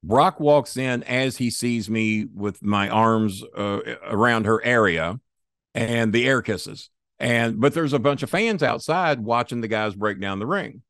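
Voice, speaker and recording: A man's voice: medium pitch, a little slow, dry recording, studio quality. A man telling a long profane story in a casual interview, acting out the voices of the people in it. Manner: profane, animated, acts out quoted voices. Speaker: guest storyteller.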